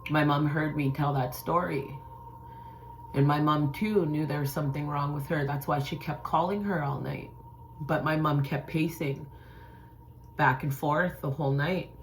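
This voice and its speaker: Unhurried and low-voiced, the spiritual-channel host tells a personal story conversationally, playing out the quoted voices in an animated retelling. A little hiss or hum runs underneath.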